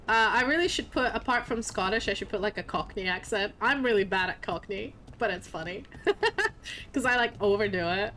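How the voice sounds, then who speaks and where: Young woman streamer joking around, bright lively voice, bit of room hum. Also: medium pitch, normal speed. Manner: playful, swearing, laughing often. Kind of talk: casual gaming commentary.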